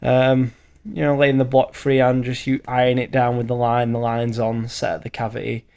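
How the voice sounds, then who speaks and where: A bricklayer vlogger in his thirties gives a rambling, casual voiceover stuffed with fillers and the odd swear, sounding tired from lack of sleep. His mid-range voice is gravelly, darkish, clear and resonant, delivered completely flat at normal speed.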